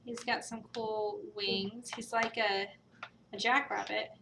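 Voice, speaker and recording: A woman's voice: mid-range voice, little pitch movement, slow pace, creaky, background noise. A woman chatting casually while unboxing toys, rambling and thinking aloud as she goes. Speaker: co-host of a family toy review channel. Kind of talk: casual toy unboxing chat.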